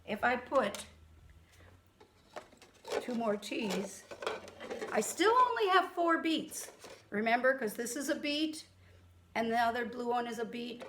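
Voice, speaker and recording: A woman's voice: a little high, animated, fairly bright tone, a little hiss or hum. A woman teaching a music lesson to children over a camera, chanting rhythm syllables. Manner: counts and chants rhythm syllables, slow and patient. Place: room with a keyboard. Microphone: camera mic.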